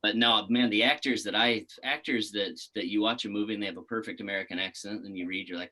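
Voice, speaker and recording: A man's voice: fairly low pitch, fairly quick, hardly any pauses, pushed and bright, poor audio. A man in his thirties from Texas, a podcast guest chatting casually, laid-back, laughing often and swearing freely. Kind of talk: casual interview chat.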